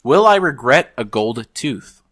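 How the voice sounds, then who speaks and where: Young guy hosting a podcast, bouncy voice, bright and kinda tense, goofing around. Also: medium pitch, a little slow. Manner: goofy, teasing, animated. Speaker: podcast host. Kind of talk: casual chat, reading questions aloud.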